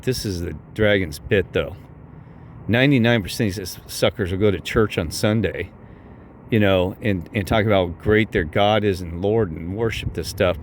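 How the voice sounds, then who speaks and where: A man with a lowish voice rants through a personal story, cursing and circling back on himself. His pitch leaps up when he quotes his own angry words. Faint noise hums behind him. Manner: heated, cursing, repeats "I said" often, voice jumps higher when quoting himself. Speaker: vlogger telling a personal story. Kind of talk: rambling angry storytelling to viewers.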